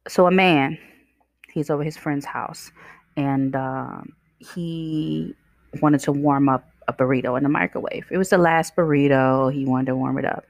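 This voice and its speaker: A woman's voice: low voice, fairly even intonation, unhurried, vocal fry, no room sound, clean studio sound. A woman hosting a self-help podcast, talking conversationally and asking the listener questions. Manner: acts out voices in her stories. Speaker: podcast host. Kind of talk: motivational self-help talk.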